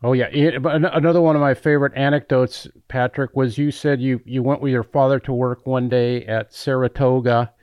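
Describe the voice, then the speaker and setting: A man's voice: medium pitch, steady tone, fairly quick, few pauses, a little mellow, clear, resonant tone, no echo, clean studio sound. A man co-hosting a radio interview, chatting as he prompts the guest for a favorite story. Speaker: radio co-host.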